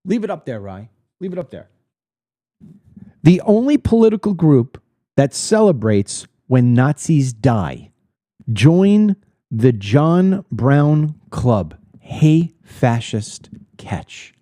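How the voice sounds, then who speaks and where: Blunt, indignant male commentator, dark and dry. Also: fairly high pitch, big pitch swings, takes it slowly, no room sound. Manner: blunt, indignant, emphatic, repeats words when worked up. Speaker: political commentator hosting his own show. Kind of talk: opinionated monologue to camera.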